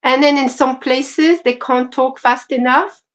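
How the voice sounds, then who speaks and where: A woman co-hosting a casual livestream chat, speaking in an earnest, measured way and pausing with fillers. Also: high-pitched, fairly even intonation. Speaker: co-host.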